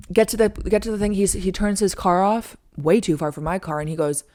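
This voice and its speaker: A young woman in her twenties hosting a podcast, telling a story in a casual, animated way with lots of "like". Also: moderate pace. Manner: animated, frequent "like", acts out her own lines in a high squeaky voice. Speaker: podcast host.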